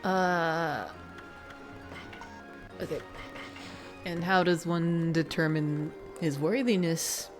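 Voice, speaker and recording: A woman's voice: lowish voice, extremely slow, pauses often, faint music behind. A woman streamer giving casual, chatty commentary while playing a video game. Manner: chatty, giggly asides.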